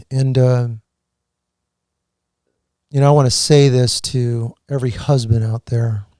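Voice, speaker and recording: A man giving an emotional personal testimony as a podcast guest, earnest and halting, with many restarts. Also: medium pitch, steady tone, warm tone, dry recording, studio quality.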